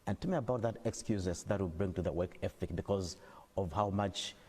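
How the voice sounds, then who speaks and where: Low-voiced male TV anchor. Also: darkish tone, husky. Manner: measured, with short backchannel replies. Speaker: TV anchor, interviewer. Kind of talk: TV interview questions. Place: TV interview set. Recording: long reverb on the voice.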